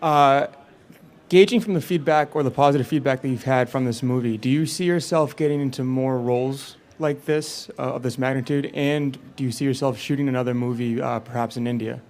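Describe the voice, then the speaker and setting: A man's voice: mid-range voice, steady tone, a little fast, darkish tone. A man in the audience greeting the guest politely and asking a question at a public Q&A.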